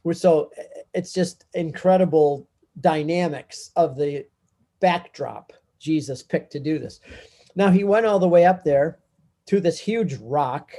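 A man guest on a talk show, teaching with lively storytelling that climbs in pitch when he stresses a point. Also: measured pace. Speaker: Catholic speaker and pilgrimage guide.

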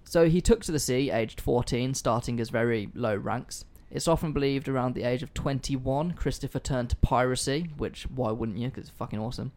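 A man's voice: mid-range voice, moderate pace, few pauses, darkish tone. A man hosting a casual history podcast, chatty and offhand, swearing freely. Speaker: podcast host.

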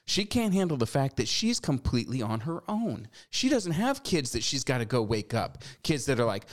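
Animated forty-something man scolding. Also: a little high, normal speed, few pauses. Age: 40s. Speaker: talk show host. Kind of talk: opinion commentary.

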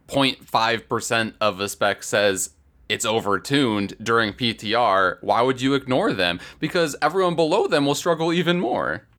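A man's voice: mid-range voice, expressive, normal speed, a bit bright. A man in a casual gaming chat, laid-back and peppering his talk with "like". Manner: laid-back, uses lots of "like".

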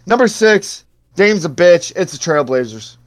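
Casting: young-sounding man with a high voice, profane and loud, running a sports ranking countdown. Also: very animated, unhurried. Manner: profane, hyped countdown delivery. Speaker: podcast co-host. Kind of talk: casual sports chat.

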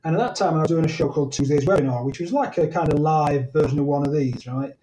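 A man's voice: on the high side, fast, mellow, slight background noise, rough recording. A man from Sheffield in the north of England, a podcast guest chatting casually and telling stories with many restarts. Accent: Sheffield English. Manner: rambling, self-correcting storyteller. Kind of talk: casual interview chat.

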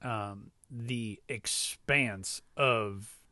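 A man's voice: lowish voice, extremely slow, dry recording. A man co-hosting a podcast, chatting casually and jokingly about a movie, thinking aloud as he goes. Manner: animated, jokey, thinks aloud. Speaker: podcast co-host.

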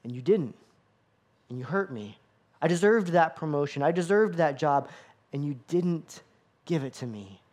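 A man's voice: on the high side, animated, moderate pace, pauses often, a little mellow. A man preaching a sermon with an emphatic, repetitive cadence. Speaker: pastor.

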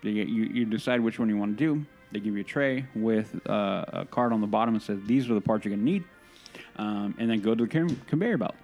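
A man with a fairly low voice co-hosts a casual podcast, spinning an eager, meandering story. Faint music sits quietly behind him. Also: fairly quick. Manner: enthusiastic, rambling storyteller. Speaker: podcast co-host.

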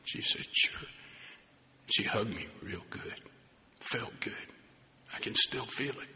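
A man preaching a sermon, telling a personal story, acting out the dialogue and dropping to soft near-whispers at tender moments. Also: medium pitch, wildly swooping pitch, takes it slowly. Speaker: pastor. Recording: long hall reverb with faint background noise.

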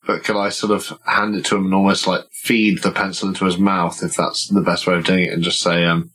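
A man's voice: low-pitched, little pitch movement, a little fast, a bit bright, breathy edge, rough recording. A man playing a tabletop horror game, talking earnestly and hesitantly as he thinks aloud. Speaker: player.

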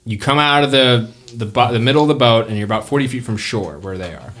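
A man's voice: medium pitch, quick pace. Male game master, casual tabletop narration, loose and chatty. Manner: relaxed, chatty, with fillers.

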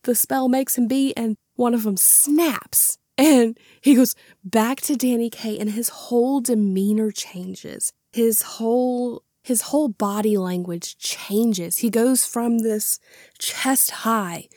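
Warm-voiced chatty woman podcast host. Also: fairly high pitch, takes it slowly, dry recording, studio quality. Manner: chatty and animated, retells scenes with quoted lines. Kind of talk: casual movie review chat.

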